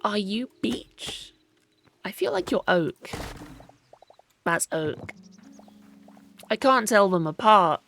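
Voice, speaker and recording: A woman's voice: medium pitch, lively intonation, slow pace, pauses often, fairly bright tone, soft background music. A woman with a British accent giving chatty, self-mocking commentary while playing a game, often talking to things in it. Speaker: gaming channel host. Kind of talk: let's play commentary.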